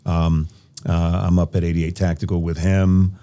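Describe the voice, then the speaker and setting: A man from Nebraska, a podcast guest, telling stories from his past in an animated way with an occasional laugh. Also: low voice, moderate pace, clear, resonant tone. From Nebraska, USA. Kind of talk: casual interview storytelling.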